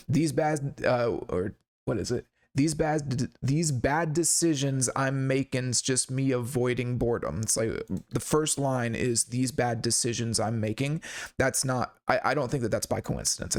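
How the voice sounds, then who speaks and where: A man hosting a casual song breakdown, talking in a laid-back, rambling way with lots of fillers and restarts. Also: mid-range voice. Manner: laid-back and candid, with occasional swearing. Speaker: songwriting channel host.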